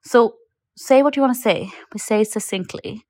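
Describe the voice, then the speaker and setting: A woman coach with a higher voice talks straight to the listener, direct and emphatic, repeating key points and reassuring them. The voice note sounds close and dry, with no room echo. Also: moderate pace, darkish tone. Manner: encouraging, addresses listener as you. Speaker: confidence coach. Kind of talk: motivational podcast talk. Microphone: recorded as a voice note.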